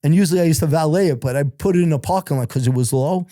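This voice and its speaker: Middle-aged New man, mellow dark voice, lively profane storyteller, dry close mic. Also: a little high, racing, no room sound. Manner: animated, profane, laughs through his stories. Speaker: interview guest. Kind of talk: casual storytelling.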